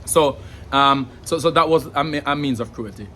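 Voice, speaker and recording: A Jamaican man giving an earnest spoken explanation, pausing often to search for words and sounding out examples. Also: mid-range voice, a bit bright, a little hiss or hum. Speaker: language educator. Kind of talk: explanatory monologue.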